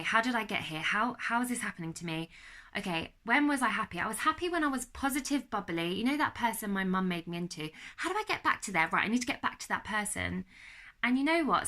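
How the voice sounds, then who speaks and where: A woman's voice: mid-range voice, sharp tone. A young woman with a British accent talks earnestly at home in a candid personal vlog, chatty and full of fillers. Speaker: vlogger.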